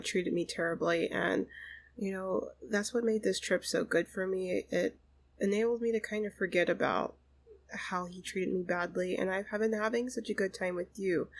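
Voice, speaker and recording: Lady voicing a sweet apologetic girl on a date in a life sim game, soft and earnest, bit gravelly. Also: mid-range voice. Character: young woman on a birthday date, sweet and apologetic.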